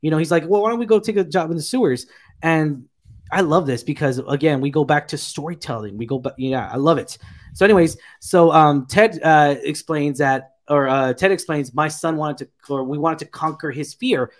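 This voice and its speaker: Rambling man, a touch high-pitched. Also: normal speed. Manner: rambling, filler-heavy, enthusiastic retelling. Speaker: podcast co-host reviewing a TV episode. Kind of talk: casual review chat.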